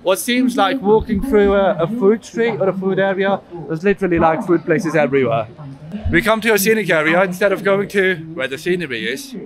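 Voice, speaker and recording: A man's voice: high voice, a little fast, a crowd in the background. A man chatting enthusiastically as a travel vlogger outdoors at a mountain scenic area. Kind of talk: casual travel vlog.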